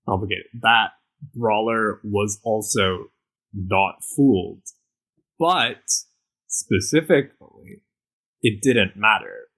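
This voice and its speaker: Husky man arguing a point casually. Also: fairly low pitch, fairly bright tone, poor audio. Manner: earnest, argumentative, many fillers. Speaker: podcast co-host. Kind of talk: casual podcast discussion.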